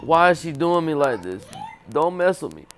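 A man playing a horror game, joking and talking to the monster, with low mutters and loud startled yelps. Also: sing-song, moderate pace, a little hiss or hum. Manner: jokey, talks to the game character, repeats silly chants. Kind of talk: casual let's-play commentary.

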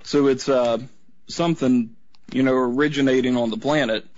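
Man, caller, casual, rambling, mid pitch, dull dry lo-fi sound. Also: fairly even intonation, normal speed, darkish tone, dry recording. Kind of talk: telling a story on call-in radio.

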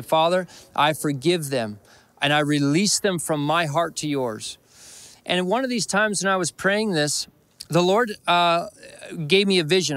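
Canadian male pastor, higher-pitched, earnest sermon storyteller, dry close mic. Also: a bit bright, no echo. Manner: earnest storytelling with repeated phrases. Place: church.

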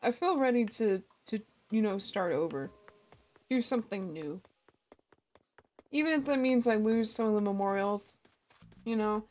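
A woman's voice: on the high side, a little slow, long pauses, darkish tone. A woman streamer chatting casually and giggling often as she plays a cozy life-sim game and greets her chat. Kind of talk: casual gaming livestream chat.

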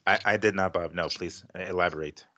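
Deep-voiced, fast-talking male co-host. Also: fairly even intonation, muffled recording, background noise. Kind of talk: casual sports radio chat.

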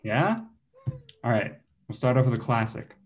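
Animated and moderately paced, this medium-pitched young man does stand-up for an online show from home. His jokes mock himself, and he chuckles in between them.

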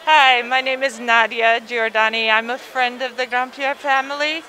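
A woman who is a family friend, speaking in a warm and earnest way during a short airport interview. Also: on the high side, fairly even intonation, moderate pace, slight background noise, low-quality recording. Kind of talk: casual interview. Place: airport arrivals area.

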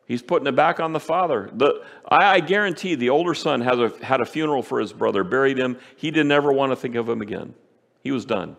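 A man preaching a sermon as pastor, emphatic, repeating key phrases and slowing down for stress. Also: medium pitch, lively intonation, vocal fry. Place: church sanctuary. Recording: church hall with long reverb.

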